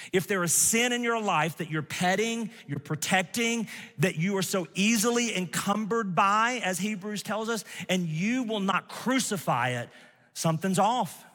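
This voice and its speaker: A man's voice: high-pitched, fairly bright tone, long reverb tail. A male pastor preaching an emphatic sermon to a congregation, with asides to the listeners.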